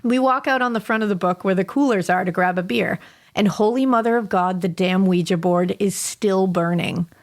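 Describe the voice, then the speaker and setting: Young woman, podcast co-host, reading a listener story, animated, laughs and swears, mid pitch. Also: normal speed.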